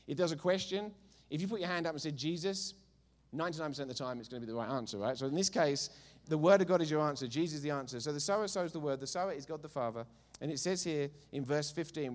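Animated Essex preacher man. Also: medium pitch. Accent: Essex English. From England. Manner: animated, jokey asides, rising to loud bursts. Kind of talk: sermon.

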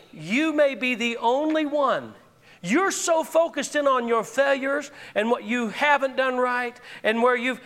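A man preaching a sermon in an impassioned, exhorting manner, swinging between shouted calls and hushed tones. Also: very high voice.

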